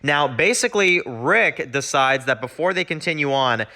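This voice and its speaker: Man, casual show reviewer, rambling with fillers, bright voice. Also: a little high, expressive, moderate pace. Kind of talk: casual video review, retelling a plot.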